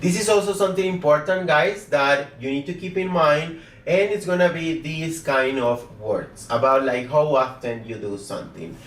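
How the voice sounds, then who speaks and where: A man's voice: on the high side, normal speed, recorded from a distance, a little hiss or hum. A man teaching a casual online lesson, chatty, often checking in with "okay?" and "guys". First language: Spanish. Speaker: Spanish teacher. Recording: roomy echo, mic set back.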